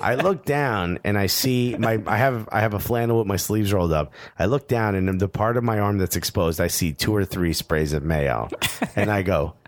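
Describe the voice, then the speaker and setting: A man co-hosting a podcast, telling a story in casual chat, animated and laughing as he acts out quotes. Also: on the low side, normal speed. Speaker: podcast co-host. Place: studio.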